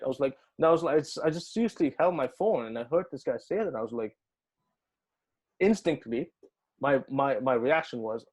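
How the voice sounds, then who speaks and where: A man's voice: medium pitch, brisk. A man in a casual interview, telling a story with lots of swearing and acting out the dialogue. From United Arab Emirates. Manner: animated, swearing, acts out quoted dialogue. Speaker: musician guest.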